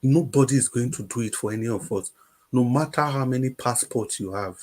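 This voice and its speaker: A man's voice: mid-range voice, brisk, darkish tone. A Nigerian man hosting a livestream, giving impassioned political commentary and repeating phrases for emphasis. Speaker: livestream host. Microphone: livestream microphone.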